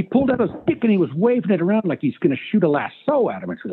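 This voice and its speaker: A man's voice: high-pitched, wildly swooping pitch, rapid-fire, hardly any pauses, a little hiss or hum. A man, a stand-up comedian, telling profane anecdotes in casual chat as a guest. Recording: tinny phone-line sound.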